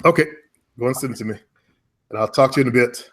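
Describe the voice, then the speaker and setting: A man coaching a client in online marketing over a casual call from home, relaxed and rambling, often correcting himself. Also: mid-range voice, fast talker.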